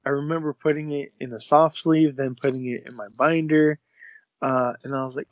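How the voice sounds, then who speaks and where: A man's voice: mid-range voice, fairly even intonation, normal speed, dry recording, muffled recording. A young man co-hosting a casual podcast, telling a story with lots of swearing and acting out the dialogue he quotes. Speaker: podcast co-host. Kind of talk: casual chat.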